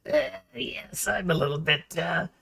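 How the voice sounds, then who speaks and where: A man's voice: fairly high pitch, measured pace, vocal fry, pushed and bright, husky, pitched above the performer's own voice, full character voice. A man voicing a crazed, unhinged character in a wheezy, whispery voice. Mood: manic.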